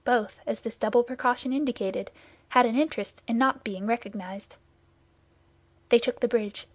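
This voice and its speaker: A woman's voice: fairly high pitch, dry recording. Woman reading a classic novel aloud. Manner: steady, measured reading. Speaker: audiobook reader. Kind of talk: scripted narration.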